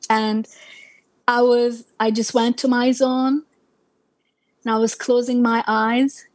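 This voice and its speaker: High-voiced woman telling her testimony. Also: flat delivery, slow, a little mellow, no echo, low-quality recording. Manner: conversational, many "you know" fillers, non-native grammar. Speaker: testimony speaker. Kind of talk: personal testimony storytelling.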